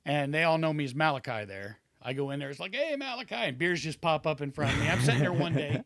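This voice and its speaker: A man's voice: a little high, fast talker, fairly bright tone, no echo, clean studio sound. A man in his fifties, a retired wrestler, casually telling long rambling stories on a podcast, acting out what people said. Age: 50s. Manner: rambling anecdotes with acted-out quotes. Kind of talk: casual storytelling chat.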